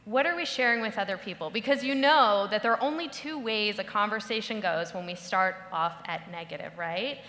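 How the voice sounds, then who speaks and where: A woman giving a lively talk to a live audience, playful and instructive, acting out the voices she quotes. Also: medium pitch, brisk, few pauses. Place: large hall before a live audience. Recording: echoey hall with long reverb, faint ambience.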